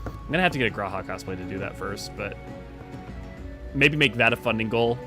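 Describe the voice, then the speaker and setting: A man's voice: fairly low pitch, expressive, fairly quick, over music. A man hosting a game live stream, chatting casually with viewers in a rambling way while he organizes a group. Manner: rambling, talks to chat while organizing a party.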